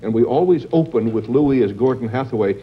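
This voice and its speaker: A man's voice: medium pitch, animated, a little fast, slightly rough. A man in his sixties hosting a TV talk show, chatting genially with his guests. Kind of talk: casual talk-show chat. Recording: dull 1980s TV studio audio.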